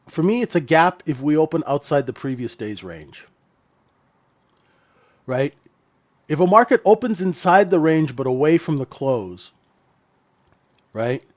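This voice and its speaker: Medium in pitch with a darkish tone, a trading mentor teaches live in a trading room. He talks bluntly and emphatically, tagging sentences with "right?", through dull lo-fi stream audio.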